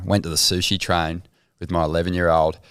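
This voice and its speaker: An Australian man, a surf commentator guest, telling lively sweary stories in a casual interview. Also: sits low, a little fast, clear, resonant tone, no echo, studio quality. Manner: lively storyteller, acts out voices, swears freely.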